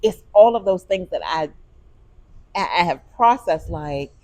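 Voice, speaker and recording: A woman co-hosting a podcast in casual chat, telling stories with animated, expressive delivery. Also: on the low side, measured pace. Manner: animated storytelling, turns emotional. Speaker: podcast co-host.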